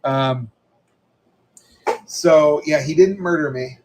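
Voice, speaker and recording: A man's voice: a little high, takes it slowly, darkish tone, slight background noise, poor audio. A middle-aged man selling comics on a livestream, chatting casually and telling rambling family stories with lots of fillers. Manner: rambling storytelling with many fillers.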